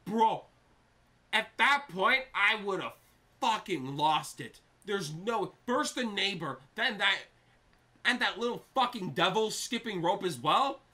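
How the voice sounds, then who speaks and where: A young man from Canada chatting casually in a film reaction, excitable, swearing often and laughing. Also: sits high, slow pace. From Quebec, Canada.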